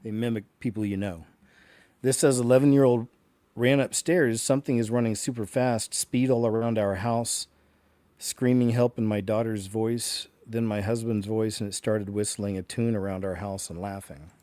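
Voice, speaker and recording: A male host giving casual, rambling commentary that trails off quietly. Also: lowish voice, steady tone, normal speed, dry recording.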